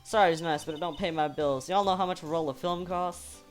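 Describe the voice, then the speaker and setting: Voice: mid-range voice, steady tone, brisk, soft background music, voice pushed up, close to an everyday voice. A voice actor playing a brash, blunt Southern woman photographer with a drawling twang, in a fan voice-over of a game. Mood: indignant. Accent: American Southern, put on. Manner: loud drawling twang, blustery.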